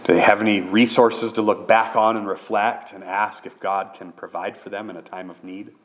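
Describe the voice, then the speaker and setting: A man's voice: fairly low pitch, flat delivery, normal speed, a bit bright. Male pastor, sermon delivery, earnest and conversational.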